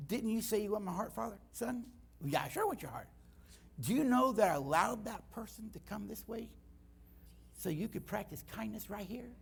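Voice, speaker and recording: A man's voice: high voice, moderate pace, creaky, slightly rough. A middle-aged man speaking in church, telling stories and acting out the dialogue. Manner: animated storytelling, acting out dialogue. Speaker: guest speaker. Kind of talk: church teaching talk.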